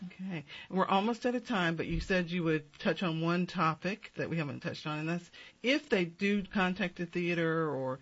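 A woman hosting and producing a radio interview show, closing with clear, formal announcements and spelling out addresses slowly. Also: fairly low pitch, highs cut off.

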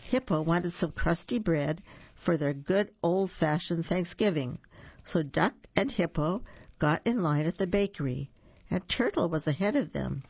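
A woman reading a picture book aloud, slowly and gently, with small slips and restarts. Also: on the low side, lively intonation, gravelly, slightly rough, no room sound, muffled recording. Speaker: storyteller.

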